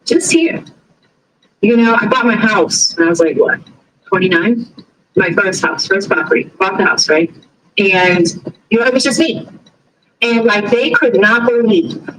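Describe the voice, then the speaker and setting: A woman's voice: fairly low pitch, low-quality recording. Chatty boston lady on a livestream, rambly, lots of ums, faint hiss behind her. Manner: chatty, rambling, with many fillers and restarts. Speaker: livestream host. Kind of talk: casual livestream commentary.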